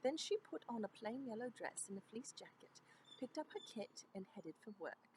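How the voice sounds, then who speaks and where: A woman's voice: fairly high pitch, big pitch swings, normal speed, a little mellow, a little hiss or hum, voice pushed up, rough recording. A woman reading a story aloud in a put-on proper British accent, pronouncing each H with care. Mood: measured. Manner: careful, precise reading with crisp H's.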